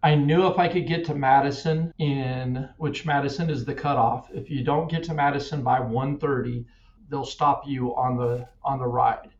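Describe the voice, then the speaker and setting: A man's voice: mid-range voice, fairly even intonation, moderate pace, a little mellow. A middle-aged man from Kansas, a cyclist guest, telling his story earnestly, often repeating words. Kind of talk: casual interview. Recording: echoey distant dull-sounding mic.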